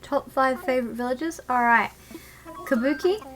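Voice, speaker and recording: A woman's voice: high-pitched, normal speed. A woman casually chatting and laughing while live-streaming a video game and talking to her chat.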